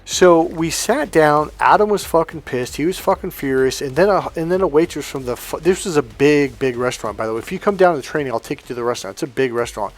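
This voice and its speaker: A man's voice: on the high side, fast talker, few pauses. A man coaching on dating, telling a story in a casual monologue, swearing bluntly and acting out what people said. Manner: blunt and profane, swearing often; animated, acting out quotes from a story.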